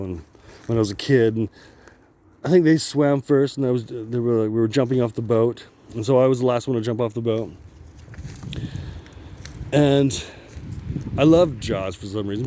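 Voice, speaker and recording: Walking along a wooded path outdoors, a man films himself with a handheld camera as a vlogger. His medium-pitched, warm voice carries a rambling, profane monologue, and he laughs often.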